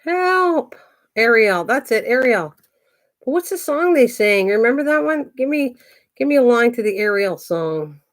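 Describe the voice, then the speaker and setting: A woman's voice: a little high, animated, moderate pace. An older woman hosting a craft livestream, chatting casually, thinking aloud and greeting viewers by name as she works. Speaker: craft channel host.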